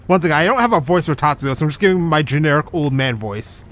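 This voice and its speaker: A man's voice: on the high side, lively intonation, fast talker, a bit bright. A man giving casual let's-play commentary, chatty and swearing when annoyed. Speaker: gamer. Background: game music.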